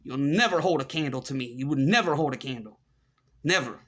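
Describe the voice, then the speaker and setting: A man's voice: mid-range voice, fairly quick, a bit bright. A middle-aged man delivering a scornful, repetitive ranting monologue as a commentary host.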